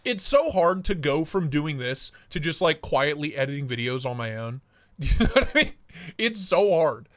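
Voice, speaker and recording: A man's voice: a little high, sing-song, moderate pace. A man hosting a live stream, signing off in a playful, jokey casual chat.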